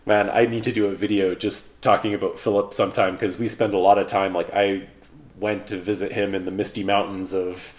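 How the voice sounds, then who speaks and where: Low-ish guy in his 30s, laid back vlog storytelling, lots of uh and you know. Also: brisk. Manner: relaxed, rambling, with frequent fillers. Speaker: vlogger, pilot. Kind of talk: casual reflective storytelling.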